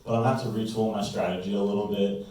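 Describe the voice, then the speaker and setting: A man's voice: lowish voice, fairly even intonation, racing, a little mellow. Young man rambling through a stand-up set. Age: young adult. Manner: rambling, self-mocking storytelling. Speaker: stand-up comic. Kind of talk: open-mic stand-up set. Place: small comedy room with live audience. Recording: echoey room, far mic, noise.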